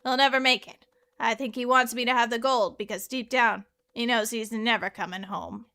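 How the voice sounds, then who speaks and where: A woman doing a gruff old-time gangster treasure hunter. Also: on the high side, steady tone, normal speed, pushed and bright. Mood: weary, rueful. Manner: tough-guy gangster drawl. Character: struggling 1930s male treasure hunter, gruff. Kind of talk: reading a journal aloud in character.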